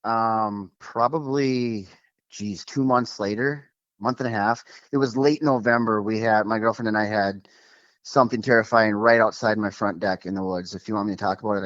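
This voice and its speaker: A man's voice: fairly low pitch, no echo, highs cut off. Chatty man telling a spooky story. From Minnesota. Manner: animated, fast, lots of fillers like "like" and "um". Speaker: guest telling an encounter. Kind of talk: casual storytelling over a call.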